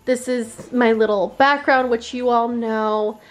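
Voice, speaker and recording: A woman vlogger giving an excitable, chatty tour of her own home. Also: fairly high pitch, a little slow. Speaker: lifestyle vlogger. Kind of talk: casual home tour vlog.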